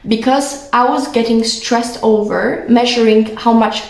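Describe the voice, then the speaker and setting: A young woman with a Polish accent talks through a casual vlog in earnest, rambling bursts thick with fillers. Her voice sits a little high. The room around her is echoey. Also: steady tone, a little slow, creaky. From Poland. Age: young adult. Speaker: vlogger. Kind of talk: casual monologue.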